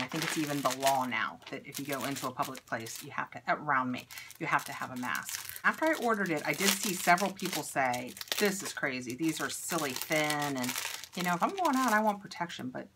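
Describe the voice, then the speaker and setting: A woman's voice: sits low, noisy background. A woman chatting casually to camera while unboxing and trying beauty products, upbeat and thinking aloud as she goes.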